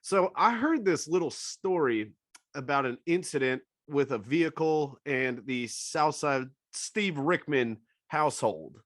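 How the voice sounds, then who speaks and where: Male podcast co-host, mid-pitched, relaxed and joking, dry close sound. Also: measured pace, no echo. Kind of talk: casual podcast chat.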